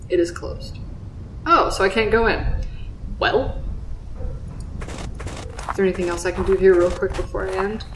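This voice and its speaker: A woman's voice: mid-range voice, steady tone, normal speed, long pauses, distant mic, slight background noise. A woman with a Southern US accent hosting a Let's Play, with giggly, self-mocking commentary. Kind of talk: gameplay commentary. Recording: roomy echo.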